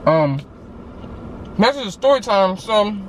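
A man with a high voice tells a story casually and slowly while eating, with slight background noise behind him. He's a vlogger who acts out every quote in animated fashion, keeping the chat loose and full of fillers.

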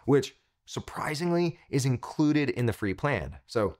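A man's voice: mid-range voice, animated, normal speed, few pauses, darkish tone. A man hosting a tech tutorial, giving an upbeat scripted product review in punchy short phrases.

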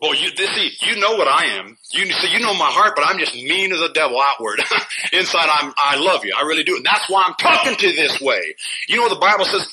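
A pastor preaching a fiery sermon in a church, scolding his listeners and bursting out loud now and then between chuckles. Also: on the high side, lively intonation, a little fast. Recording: noisy old sermon recording.

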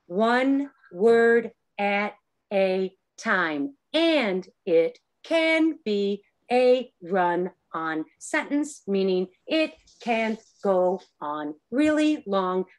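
A woman leading an online improv class over a video call, explaining game rules patiently and encouragingly. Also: a little high. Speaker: improv workshop leader.

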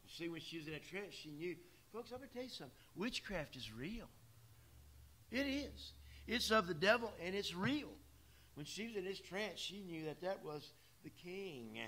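A man's voice: high voice, big pitch swings, normal speed, pushed and bright, slightly rough. A man preaching a sermon in plain, emphatic words, talking straight to his congregation. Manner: emphatic, plain-spoken, addresses the congregation directly. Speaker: pastor. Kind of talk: sermon with folksy asides. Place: church.

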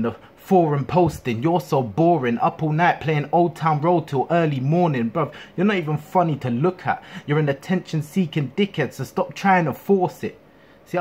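A man's voice: on the high side, darkish tone, husky. A man delivering a battle rap verse full of mocking trash talk aimed at his opponent. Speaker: battle rapper.

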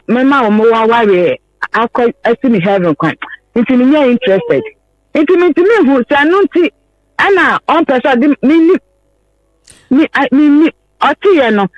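A woman's voice: a little high, no room sound, highs cut off. A woman from Ghana, a caller, earnestly recounting her personal story on a radio phone-in, pleading and repeating herself.

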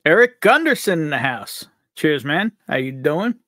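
Lively, upbeat man hosting a livestream. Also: fairly high pitch, normal speed, no room sound, studio quality. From upstate New York. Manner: upbeat, jokey, reads out chat names. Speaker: livestream host. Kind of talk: live chat greetings on a whiskey stream.

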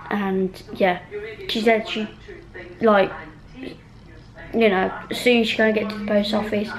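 A woman's voice: medium pitch, little pitch movement, a little slow, poor audio. A woman chatting at home in a casual, rambling vlog, full of ums and restarts. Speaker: vlogger.

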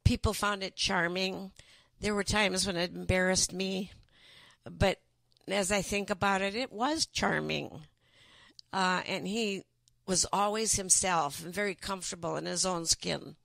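An older woman reading her own memoir aloud in a gentle, unhurried storytelling way, then chatting about it. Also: lowish voice, steady tone, gravelly, no room sound. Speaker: author.

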